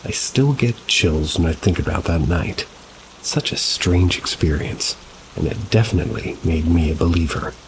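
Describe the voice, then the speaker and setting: A man calmly narrating reader-submitted paranormal stories, adding brief asides of his own. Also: sits low, moderate pace, background noise. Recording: rain sounds mixed behind the voice. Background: steady rain ambience.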